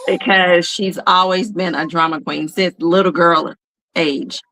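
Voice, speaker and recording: Woman, bright forceful tone, animated storyteller, casual podcast chat. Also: on the low side, a little slow, rough recording. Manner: animated storyteller, mimics crying and scolding. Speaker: parent telling family stories.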